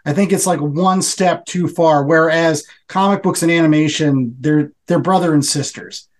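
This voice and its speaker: A man's voice: fairly high pitch, moderate pace. A man co-hosting a podcast, talking casually and enthusiastically, rambling with lots of fillers. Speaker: podcast co-host. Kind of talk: casual review chat.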